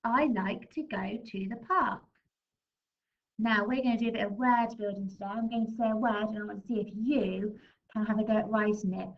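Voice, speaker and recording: A woman with an English accent teaching a recorded phonics lesson to young children, sounding out letters slowly in a sing-song way. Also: mid-range voice, steady tone, muffled recording. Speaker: primary school teacher.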